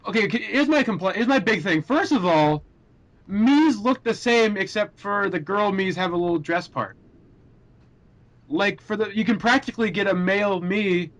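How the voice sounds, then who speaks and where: A young man with a somewhat high voice hosts a casual group chat. He rambles through his points with plenty of fillers. He laughs often as he talks. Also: fairly bright tone, muffled recording. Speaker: podcast host.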